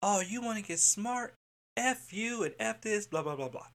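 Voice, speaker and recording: A woman's voice: on the low side, level tone, fast talker, fairly bright tone, pitched above the performer's own voice, natural voice. A man putting on the voice of an angry mother who curses and refuses to speak to someone again. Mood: scornful. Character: furious mother of a young child, cursing and holding grudges.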